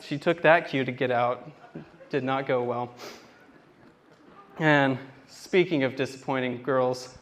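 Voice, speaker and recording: A man's voice: a little high, fairly bright tone. A young man doing a stand-up comedy set on a theater stage, telling rambling, self-deprecating stories and acting out what people said. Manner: rambling self-deprecating storytelling with acted-out quotes.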